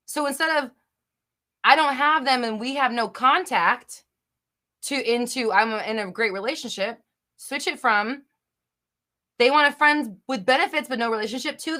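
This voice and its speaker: A young woman hosting a live chat, reading viewer questions and answering bluntly, with swearing and bursts of loud exasperation. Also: a little slow, long pauses. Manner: blunt, swears, swings between low murmur and loud exasperation.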